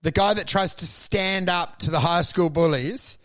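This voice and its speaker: A man co-hosting a podcast who tells absurd comic stories in an animated, sweary way, jumping into acted voices. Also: sits high, normal speed. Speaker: podcast co-host.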